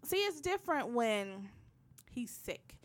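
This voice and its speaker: A woman co-hosting a casual chat, telling stories with animated, acted-out quotes and frequent laughter. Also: a little high, takes it slowly.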